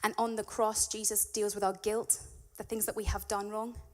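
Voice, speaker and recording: A woman's voice: medium pitch, little pitch movement, normal speed, a little mellow. A woman preaching in a church, reading scripture and then explaining it in an earnest, conversational way that builds to emphatic peaks. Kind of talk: sermon with Bible reading.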